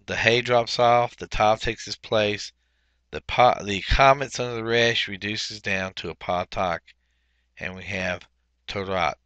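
Slow, bright-voiced male Hebrew teacher. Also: lowish voice, clear, resonant tone, no echo. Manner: methodical, pauses often with fillers while explaining. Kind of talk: recorded workbook walkthrough lesson.

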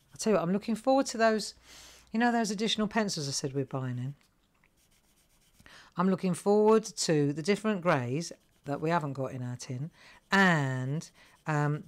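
A middle-aged woman hosting a live crafting tutorial, chatting to viewers and thinking aloud as she colours. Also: low voice. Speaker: craft host.

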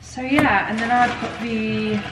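A woman's voice: a little high, steady tone, a little slow, noisy background. A young woman chatting casually to camera at home, gushing and rambling with lots of "like"s. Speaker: vlogger. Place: at home, kitchen.

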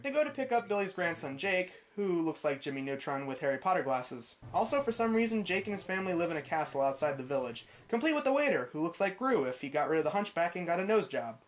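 A woman's voice: fairly low pitch, sing-song, fast talker, hardly any pauses. A woman from New York reviewing a film in snarky, mocking commentary. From New York, USA. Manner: snarky, mocking, growing exasperated. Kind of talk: sarcastic movie review commentary.

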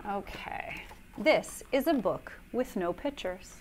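A woman's voice: mid-range voice, lively intonation, takes it slowly, slight background noise. A woman, a child life specialist, reading a children's book aloud in a playful way, hamming up silly words with gasps and mock dismay.

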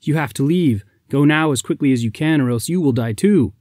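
A man's voice: on the high side, fairly quick, darkish tone, no room sound, studio quality, pitched above the performer's own voice, natural voice. A man voicing a frightened, pleading young princess. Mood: urgent, frightened. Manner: urgent, pleading.

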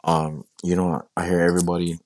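A young man casually telling a personal story in a halting way, often repeating himself and quoting what he said. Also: low-pitched, level tone, a little mellow, no room sound. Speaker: guest sharing his story.

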